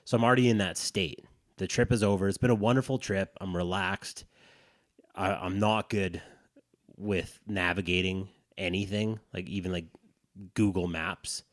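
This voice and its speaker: Man, low voice, dry close sound, podcast co-host, rambling profane storytelling. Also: steady tone, normal speed, no echo. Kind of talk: casual chat.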